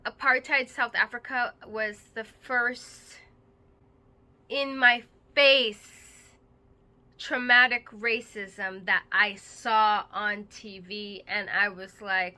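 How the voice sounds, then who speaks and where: A middle-aged woman from Massachusetts talks straight to her audience in a loose, earnest teaching monologue. Her voice is very bright and sharp. She leans on fillers as she explains. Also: mid-range voice, fairly even intonation, slow. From Massachusetts, United States. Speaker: host.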